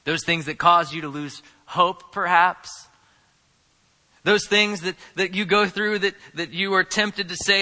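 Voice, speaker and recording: A male pastor delivering a sermon earnestly, moving between hushed asides and emphatic stresses. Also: high voice, takes it slowly, long reverb tail.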